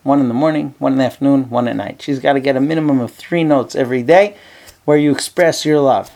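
A rabbi teaches a class in an office, telling a story in a storytelling lecture. His medium-pitched, mellow voice moves at a quick pace, and his conversational delivery is full of fillers.

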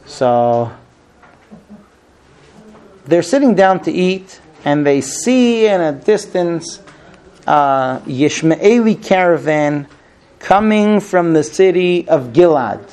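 A middle-aged man giving an informal Torah class, telling the story with lively acted-out dialogue. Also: slow pace, pauses often, smooth. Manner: animated storyteller, acts out quoted speech with high pleading voice. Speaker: rabbi teaching the weekly Torah portion.

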